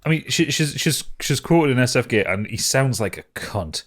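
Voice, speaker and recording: A man's voice: medium pitch, expressive, moderate pace, a bit bright. A man co-hosting a podcast, blunt and swearing freely in casual chat. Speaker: podcast co-host.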